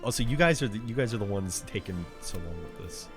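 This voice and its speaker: A man's voice: on the low side, animated, a little fast. Male streamer, casual profane chat, faint game music in the background. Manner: laid-back banter with chat, swearing and laughing. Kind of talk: casual live-stream chat while playing.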